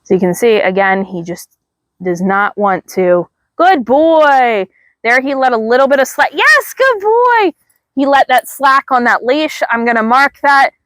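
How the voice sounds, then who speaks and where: Calm woman dog trainer, high praise. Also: normal speed, no echo. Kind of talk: instructional dog training demo. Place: outdoors.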